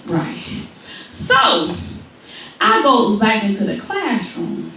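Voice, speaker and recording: A woman's voice: slow, soft background music. A woman comedian telling a story on stage, acting out the people in it. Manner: animated, acts out characters with big pitch jumps. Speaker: stand-up comedian. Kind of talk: stand-up storytelling. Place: live comedy venue. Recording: echoey room, mic far off, faint ambience.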